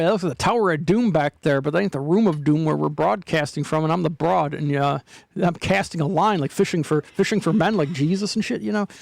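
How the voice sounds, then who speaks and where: A man's voice: high voice, gravelly, dry recording. A man hosting his own show, making sarcastic jokes while reading news headlines aloud. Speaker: show host. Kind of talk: casual commentary on news clips.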